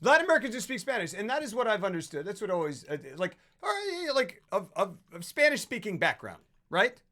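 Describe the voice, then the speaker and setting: Bright, lively man teasing playfully. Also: sits high. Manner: teasing, playful, quick to laugh. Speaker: co-host. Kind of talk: casual film podcast chat.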